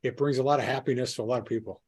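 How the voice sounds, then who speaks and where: A man's voice: medium pitch, steady tone, very fast, a little mellow, breathy edge. A man hosting a podcast, chatting in an easygoing, encouraging way. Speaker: podcast host. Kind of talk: casual interview chat.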